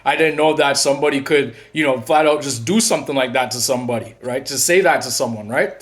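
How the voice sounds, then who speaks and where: A man hosting his own channel, talking casually to camera in a rambling way with many restarts, and going quiet and low when he retells conversations. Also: fast talker, slight background noise. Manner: rambling, restarts and repeats words often. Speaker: channel host and narcissism coach.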